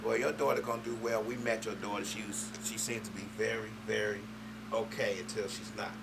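A man's voice: on the low side, steady tone, a little fast, gravelly, very noisy. A man co-hosting a casual radio chat, laid-back and teasing, still getting over a cold. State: lingering cold. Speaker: radio co-host.

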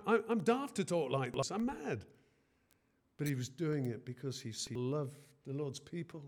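Earnest preacher, high voice. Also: male voice. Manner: earnest, rises in force on emphatic phrases, frequent hesitations. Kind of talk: sermon.

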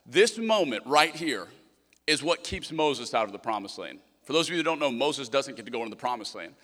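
A young man preaching a sermon as pastor, animated and acting out voices in the quotes he tells. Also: medium pitch, a little fast. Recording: long hall reverb.

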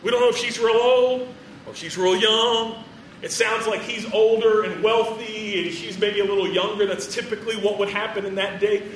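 A man preaching an animated, playful sermon to students, acting out the people in his story. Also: high voice, normal speed, a little hiss or hum. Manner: animated, playful, acts out quotes. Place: large room with audience. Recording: roomy hall, distant from mic.

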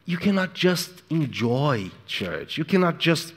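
A man preaching a sermon in an emphatic, repetitive way, moving between hushed and loud delivery. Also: a little high, very animated, takes it slowly, hardly any pauses. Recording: echoey hall with long reverb.

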